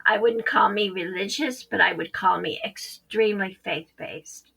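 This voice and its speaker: A woman's voice: medium pitch, unhurried, gravelly, fairly bright tone, breathy edge, poor audio. A woman psychic medium, a podcast guest, telling a story animatedly and acting out the quoted dialogue.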